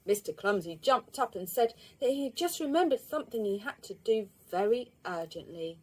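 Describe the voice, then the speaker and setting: A woman, reading a children's storybook aloud in an expressive, lively way. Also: on the high side, moderate pace.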